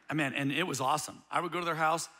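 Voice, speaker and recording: A middle-aged man preaching a sermon as a pastor, telling a story with animated humor. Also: on the high side, fairly quick.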